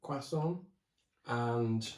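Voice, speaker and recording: A man's voice: medium pitch, very slow, darkish tone, a little hiss or hum. A man, a guest pastor chatting casually and jokingly on a podcast. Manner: chatty, jokey, laughing as he talks. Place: church cellar. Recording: roomy, distant mic.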